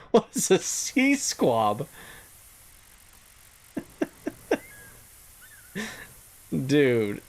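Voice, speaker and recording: A man streaming a game and chatting casually with his viewers, laughing often and thinking out loud. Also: on the high side. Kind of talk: casual gaming stream chat.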